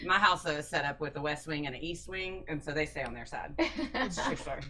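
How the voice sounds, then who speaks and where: A woman co-hosting a radio talk show, emphatic in her replies and quick to laugh. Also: lowish voice, lively intonation. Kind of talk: casual chat.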